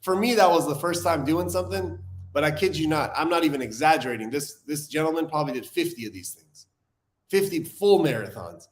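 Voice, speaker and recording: A young adult man hosting a recovery live stream, talking in an earnest, animated way and reading viewer comments aloud. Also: fairly high pitch, fairly quick. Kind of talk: casual live-stream talk.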